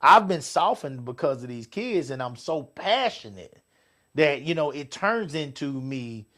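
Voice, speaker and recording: A middle-aged man co-hosting a casual show, swearing freely and swinging between loud outbursts and quiet asides. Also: on the high side, big pitch swings, a little slow. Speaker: podcast co-host. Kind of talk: casual chat with listeners.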